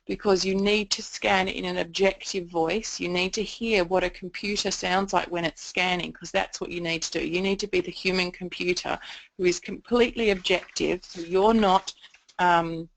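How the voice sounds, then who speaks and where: A woman's voice: on the low side, fairly even intonation, moderate pace, gravelly, poor audio. A woman giving a training presentation on communication support, explaining her points at length with frequent "um" fillers.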